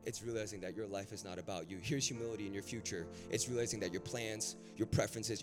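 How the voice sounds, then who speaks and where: A man preaching a sermon in a casual, conversational way that builds to impassioned, near-shouted peaks. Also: lowish voice, steady tone, quick pace, hardly any pauses. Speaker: pastor. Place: large hall with a live audience. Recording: long hall reverb, faint music.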